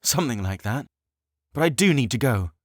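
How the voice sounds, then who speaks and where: A man narrating an audiobook voices an earnest, hurried teenage boy. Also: mid-range voice, very animated, no echo, clean studio sound, pitched above the performer's own voice, lightly acted. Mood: eager. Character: eager 17-year-old male hero, earnest.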